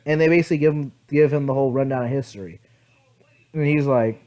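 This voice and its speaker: A man's voice: medium pitch, fast, darkish tone. A sleepy man casually telling an improvised fan story, rambling with lots of fillers, self-corrections and swearing, recorded on a phone. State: sleepy, yawning.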